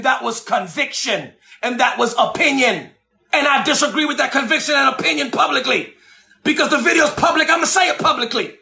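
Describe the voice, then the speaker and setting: High-voiced, bright preaching man. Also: gravelly. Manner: preaching, swinging between shouts and slow drawn-out low phrases; animated, emphatic, repeats lines for effect. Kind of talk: sermon.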